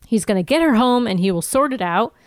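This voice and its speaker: A woman co-host walks through a TV episode scene by scene, talking casually. Her voice is smooth and clear. The recording is dry and close, with no room sound. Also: a little high, animated, brisk, dry recording. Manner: narrates plot in detail, reading out lines. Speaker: podcast co-host recapping episodes. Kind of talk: casual chat with scene-by-scene recap.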